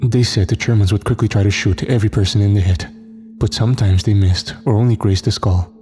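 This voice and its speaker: A man tells a horror story in a steady, somber narration. His voice sits low and sounds mellow and dark. Soft music plays under him. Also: brisk.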